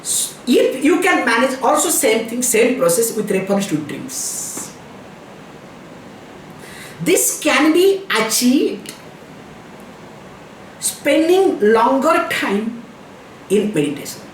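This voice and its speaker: A man's voice: extremely high pitch, sing-song, slow, long pauses. A man, a spiritual teacher giving a chatty discourse with jokey asides and laughter. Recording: roomy, distant mic, faint hum.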